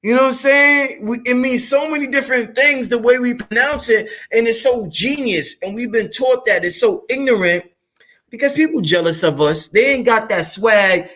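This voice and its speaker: A man with a fairly high voice hosts his own channel in a loose, animated monologue. He speaks emphatically and drops curse words freely for emphasis. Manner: freewheeling, emphatic and profane. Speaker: channel host. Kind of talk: casual monologue to camera.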